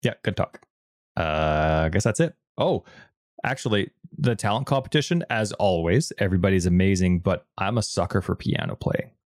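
A Canadian man with a fairly low voice chats on a gaming podcast, playful and rambling as he jumps between topics. His close, dry microphone sound has almost no room in it. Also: lively intonation, dry recording. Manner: playful, rambling, quick to laugh. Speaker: podcast co-host. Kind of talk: casual gaming podcast chat.

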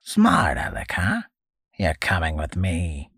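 A snarling, toothless old hermit with a cracking, hissing voice and little warmth in it, as a man narrating puts him on. He drags out his threats slowly and lets them drop low, rasping through his gums, and the reading sits close and dry. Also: wildly swooping pitch, dry recording, heavily acted. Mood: menacing.

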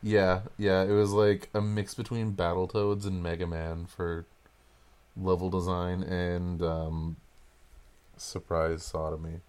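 A man's voice: deep voice, flat delivery, slow pace, darkish tone, clean tone. A man in his thirties co-hosting a podcast, telling stories in a crude, jokey way. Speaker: podcast co-host. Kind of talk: casual chat.

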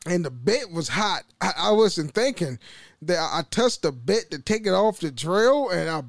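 A man's voice: high-pitched, sing-song, normal speed, no echo. A young man hosting a solo podcast, rambling and swearing casually, with frequent laughs and restarts. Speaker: podcast host.

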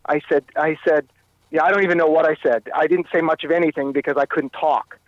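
Speaking as a guest in an interview, a Canadian man tells a personal story in a halting way, circling back to repeat and restart phrases. His tone is steady and a little high for a man, heard over a dull, muffled line without echo or room sound.

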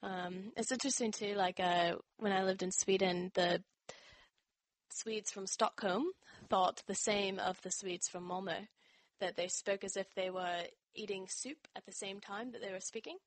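A woman's voice: medium pitch, steady tone, moderate pace, no room sound. Chatty young woman, blended accent. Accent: blended American, with Australian, New Zealand and British touches. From North Carolina, USA. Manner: chatty, laughs often, many fillers. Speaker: interview guest. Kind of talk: casual interview chat.

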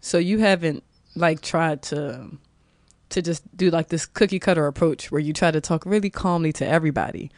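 A man's voice: on the high side, normal speed, no echo, studio quality. A man hosting a podcast, asking thoughtful, carefully rephrased questions in a casual interview. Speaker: podcast host.

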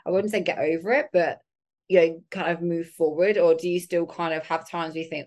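A woman's voice: lowish voice, fairly even intonation, a little fast, darkish tone. A woman hosting a podcast, chatty and reflective, with lots of filler words. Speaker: podcast host. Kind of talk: casual interview chat.

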